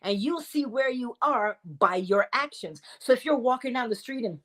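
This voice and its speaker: A woman with a fairly high voice leads a spiritual teaching session. She talks in an animated, lively way, slips into little acted voices when she quotes people, and often breaks into laughter. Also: moderate pace. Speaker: host and teacher. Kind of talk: spiritual teaching with audience questions.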